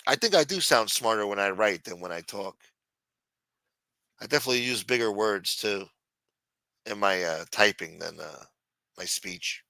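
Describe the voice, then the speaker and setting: New york guy ranting, cussing a lot, bright tense voice, dry close mic. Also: mid-range voice, dry recording. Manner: profane, rambling, sarcastic. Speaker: host. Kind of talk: casual monologue.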